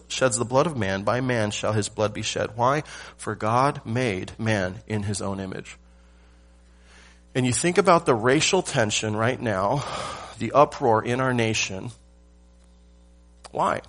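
A male pastor preaching a sermon, stressing key words with pauses and rhetorical questions. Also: medium pitch, a bit bright.

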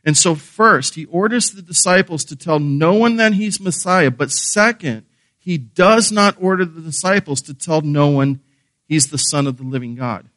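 In a dry recording, a man with a slightly high, somewhat bright voice preaches at a moderate pace. The pastor is earnest and emphatic, repeating key phrases and asking rhetorical questions.

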